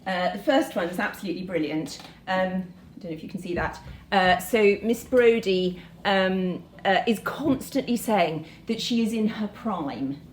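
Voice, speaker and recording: A woman's voice: mid-range voice, expressive, moderate pace, hardly any pauses, reverberant, a little hiss or hum, low-quality recording. A woman teacher reading a novel passage aloud to students, then chatting about it with many hesitations. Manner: hesitant, many ums between points.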